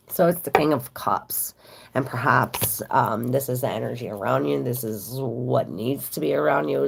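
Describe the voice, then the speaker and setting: Very deep, gravelly woman reading tarot. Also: noisy background. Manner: chatty, talks straight to viewers, lots of fillers. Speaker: tarot reader on a livestream. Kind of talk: casual livestream tarot reading.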